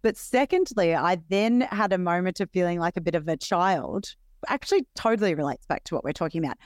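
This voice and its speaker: A chatty Australian woman in her thirties, co-hosting a podcast with a wry, easy laugh. Her voice sits a bit low, and the close mic in a dry room adds no echo. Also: lively intonation, fairly quick. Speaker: podcast co-host. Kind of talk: casual chat.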